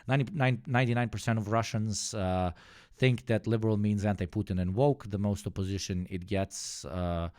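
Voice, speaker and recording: Low-voiced male streamer, dry close mic, sarcastic and swearing. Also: fairly even intonation, moderate pace, a little mellow, dry recording. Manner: sarcastic, profane, emphatic. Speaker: streamer host. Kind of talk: live stream commentary.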